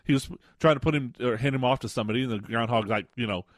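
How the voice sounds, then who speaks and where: Rambling mid-pitched male radio co-host. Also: very fast, dry recording, studio quality. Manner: rambling, many fillers and restarts, jokey. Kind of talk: casual radio chat.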